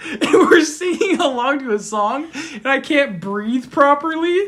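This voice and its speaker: A young man on a casual podcast, recounting a story in an excitable, stammering rush. His voice sits high and swoops widely as he laughs between lines. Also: slow pace. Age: teens. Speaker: podcast guest.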